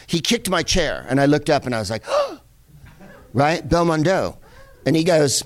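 A middle-aged man casually telling a lively anecdote, full of asides and the odd curse. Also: fairly high pitch, a little slow. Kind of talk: casual storytelling.

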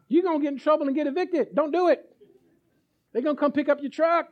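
A man with a high voice preaching a lively sermon, acting out quick scenes in other voices and checking in with his listeners. The recording sounds dull and lo-fi. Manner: animated, acts out little dialogues, asks the crowd. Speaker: pastor.

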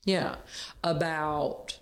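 A woman's voice: deep voice, steady tone, extremely slow, roomy sound, a little hiss or hum. A woman co-hosting a candid marriage podcast, talking earnestly, laughing easily and often restarting her sentences. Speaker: podcast co-host. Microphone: on camera.

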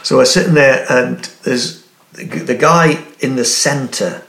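Gravelly-voiced man telling stories. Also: mid-range voice, slow, a bit bright, roomy sound. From Newcastle, England. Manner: storytelling with frequent laughs and restarts. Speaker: podcast guest. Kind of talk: casual anecdote telling.

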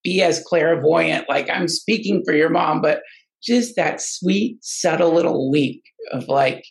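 Gravelly man telling a rambling story. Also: fairly high pitch, unhurried, poor audio. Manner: rambling, full of restarts and fillers; emotional, earnest. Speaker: podcast guest. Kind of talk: casual personal storytelling.

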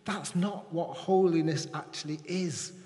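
Speaking at a measured pace, a male pastor delivers a sermon in a church hall where a long reverb trails his voice, which is fairly high and a little mellow. He draws the congregation in, asking them questions and checking that they're with him.

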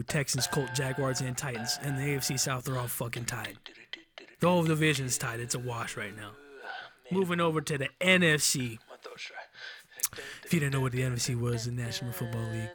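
A young man hosting a casual sports podcast, rambling through standings in a loose, profane way and correcting himself as he goes. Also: mid-range voice. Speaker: podcast host. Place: Enumclaw, Washington.

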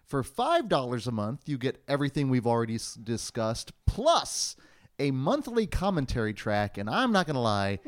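A man hosting a podcast in a casual chat, talking in an animated, wordy way with playful puns. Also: mid-range voice, fairly quick, few pauses. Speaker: podcast host.

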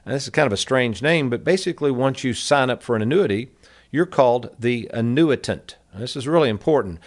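A man's voice: medium pitch, animated, brisk. A middle-aged man hosting a radio advice show, talking casually and folksy, calling his listeners folks. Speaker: radio show host, annuity advisor. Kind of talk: casual financial advice talk.

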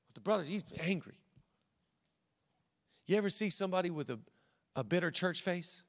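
A pastor preaching a sermon, animated and acting out quotes in character voices, in a large church hall. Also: male voice, sits high, moderate pace. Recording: long hall reverb.

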